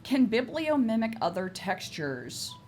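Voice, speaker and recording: Animated woman player pitching ideas. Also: unhurried, a little hiss or hum. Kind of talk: tabletop role-play chat.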